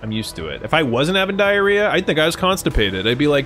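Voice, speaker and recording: A man's voice: on the high side, sing-song, fast talker, few pauses, fairly bright tone, faint music behind. A young man chatting casually and profanely with his live-stream chat, rambling and joking. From United States.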